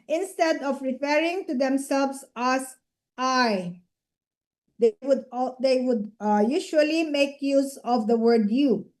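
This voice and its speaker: A woman lecturer giving a clinical lecture in a measured, explanatory way, checking in with students through short tag questions. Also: high voice. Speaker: medical lecturer.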